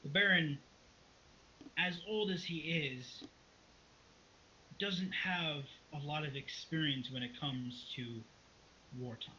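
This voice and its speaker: An anxious clerk stammers and hedges through every sentence, as a man plays him. The voice is bright and forward. The recording sounds muffled and lo-fi. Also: on the high side, slow pace, pauses often, a little hiss or hum, exaggerated voice. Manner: stammering, hesitant. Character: nervous stammering male court clerk. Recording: dull lo-fi recording.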